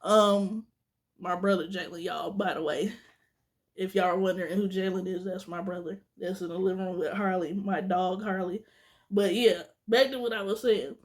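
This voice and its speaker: A woman's voice: on the low side, fairly even intonation, moderate pace. A young woman vlogger telling a storytime rant to her viewers, candid and venting, talking straight to the camera.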